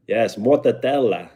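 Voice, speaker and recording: A man's voice: mid-range voice, dark tone, slightly rough. A young man with a New York accent, chatting casually on a live stream and answering viewer comments. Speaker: livestreamer.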